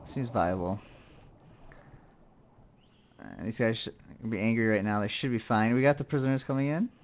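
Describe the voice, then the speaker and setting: A man's voice: mid-range voice, moderate pace. A man casually commenting as he plays a game, rambling and muttering to himself with jokes along the way. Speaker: let's play host.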